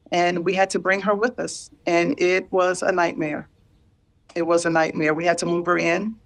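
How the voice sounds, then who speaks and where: Creaky-voiced woman sharing a hard story. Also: lowish voice. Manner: halting, repeats herself, earnest. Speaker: guest sharing caregiving story. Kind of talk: candid emotional conversation.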